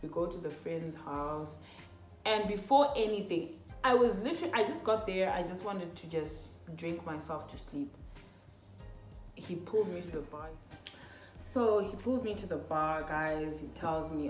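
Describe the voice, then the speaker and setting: With a fairly low voice and a measured pace, a young woman vlogger recounts a personal story, chatting to her "guys" in an animated, casual way full of "literally" and "like." The room is echoey, and faint music plays behind her.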